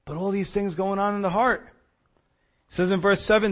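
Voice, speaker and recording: A man's voice: sits high, moderate pace, a bit bright. A man preaching a sermon as a pastor, reading scripture aloud and pressing his points with passion.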